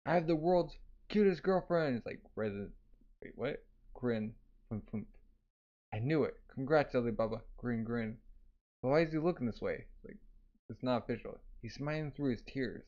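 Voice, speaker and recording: A man's voice: medium pitch, moderate pace, a little mellow. Man casually reading a manga aloud. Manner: reads sound effects aloud, filler "like". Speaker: manga reader. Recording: dull lo-fi recording.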